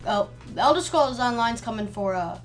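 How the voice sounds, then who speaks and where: A woman's voice: on the high side, lively intonation, normal speed. A woman guest in a casual family gaming chat, hesitant and unsure of details.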